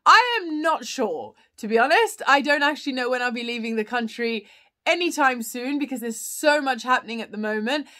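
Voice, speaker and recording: A woman's voice: high-pitched, lively intonation, normal speed, bright, forceful tone. Rambling woman live-streaming. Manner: rambling, chatty, with many fillers and restarts. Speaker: livestream host answering viewer questions. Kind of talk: casual live chat.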